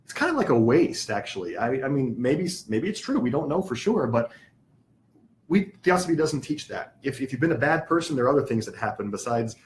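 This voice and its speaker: A man's voice: mid-range voice, very animated, fairly quick, a little hiss or hum. A man teaching a spiritual class, patiently explaining terms, spelling words out and asking the class questions.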